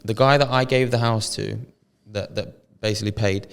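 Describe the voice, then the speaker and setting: A man's voice: on the low side, steady tone, moderate pace, creaky, clean tone, long reverb tail. A British man co-hosting a podcast, telling a story in casual chat full of slang and swearing. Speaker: podcast co-host.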